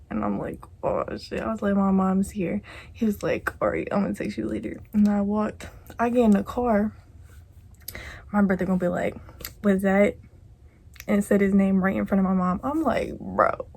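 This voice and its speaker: A woman's voice: medium pitch, vocal fry, slightly rough. A woman telling a casual storytime on her vlog, slangy and full of swearing, with lots of "like" and stretches where she drops to a whisper. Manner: slangy, swears a lot, heavy use of "like"; drops into soft whispers at times. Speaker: vlogger.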